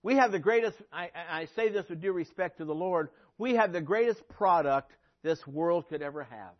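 Male pastor, high voice, emphatic sermon delivery with sarcastic asides; muffled lo-fi audio. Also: moderate pace. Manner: preachy, rising to emphatic peaks, dry sarcastic asides.

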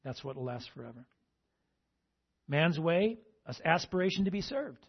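A man's voice: a little high, sing-song, moderate pace, breathy edge, dull audio. A male pastor preaching a sermon and asking the congregation "amen?" between points. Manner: call-and-response, repeating "amen?" to the congregation.

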